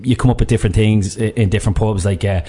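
A man co-hosting a sports radio show, chatting in a fast, rambling, jokey way. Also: on the low side, fairly even intonation, dark tone, husky. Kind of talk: casual sports radio chat.

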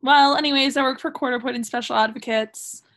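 High-pitched woman guest, bubbly and earnest, just chatting. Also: steady tone, brisk, fairly bright tone. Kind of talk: casual chat.

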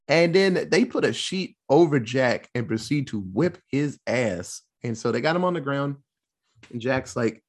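A man casually recapping a film plot, swearing freely and acting out the characters' lines in quick put-on voices. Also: medium pitch, animated. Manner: loose, profane, acts out quotes in quick voices. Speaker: podcast host recapping a film. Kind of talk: casual chat.

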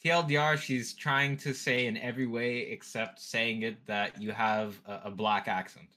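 Bright-voiced male co-host. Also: mid-range voice, little pitch movement, normal speed. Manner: explains in summaries. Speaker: podcast co-host. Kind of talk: casual podcast chat.

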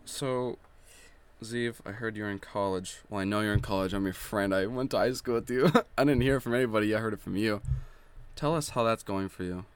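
A man's voice: lowish voice, moderate pace, clear, resonant tone. A young man hosting a casual podcast, joking and playful with his friend. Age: young adult. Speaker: podcast host.

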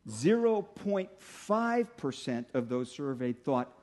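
A middle-aged male pastor preaching a sermon in a conversational way, slowing down to stress key points. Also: mid-range voice, sing-song, a little mellow. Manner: conversational preaching, slows for emphasis.

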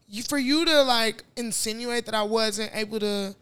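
A woman's voice: on the high side, moderate pace, a bit bright, smooth. Blunt, profane woman in her late 20s. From Nigerian family, raised in Chicago. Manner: blunt, profane, storytelling with quoted voices. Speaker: podcast co-host. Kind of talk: casual candid chat.

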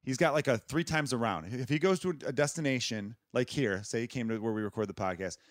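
A man hosting a podcast, chatting casually and telling quick stories. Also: mid-range voice, dry recording, studio quality. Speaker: podcast host.

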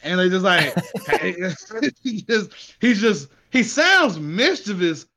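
An excitable man recounts a story in loose, slangy chat, swearing and laughing along the way. His voice sits a little high and rings bright and forceful. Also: slow. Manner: slangy, says y'all and ain't. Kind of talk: casual chat.

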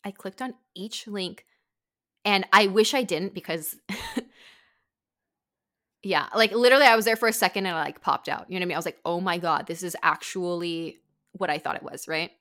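A woman hosting a podcast, telling a story in casual chat, animated, swearing and saying "like" a lot. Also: fairly low pitch, a little fast. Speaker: podcast host.

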